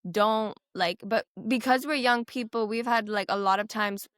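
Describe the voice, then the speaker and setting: A woman's voice: a little high, moderate pace, clean tone, no room sound, clean studio sound. A young woman, a heart patient and interview guest, talking emotionally and on the edge of tears, with lots of fillers. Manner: tearful, animated, many "like" fillers, acts out quoted doctors. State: teary.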